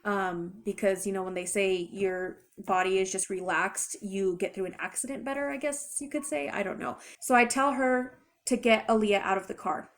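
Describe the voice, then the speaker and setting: A young adult woman retelling a personal story in a chatty, rambling, expressive way. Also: medium pitch, moderate pace, hardly any pauses. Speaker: vlogger. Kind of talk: casual storytime.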